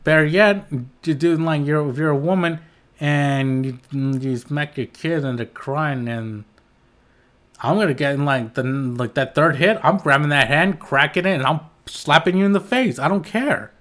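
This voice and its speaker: A man's voice: fairly high pitch, normal speed, a bit bright. A man hosting his own podcast, ranting in a heated, rambling way with blunt swearing and frequent restarts. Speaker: podcast host. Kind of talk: solo podcast rant.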